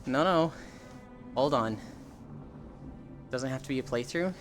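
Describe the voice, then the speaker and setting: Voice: mid-range voice, animated, unhurried, soft background music. A young adult livestreamer in casual, rambling chat with viewers, swearing freely and answering chat as it comes. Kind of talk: casual live-stream chat.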